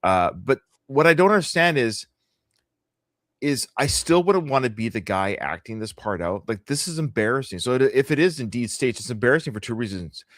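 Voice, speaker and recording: A man's voice: medium pitch, lively intonation, brisk, a bit bright, no room sound, clean studio sound. A middle-aged Canadian man co-hosting a live podcast, chatting casually with a joking, rambling, sarcastic manner. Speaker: podcast co-host.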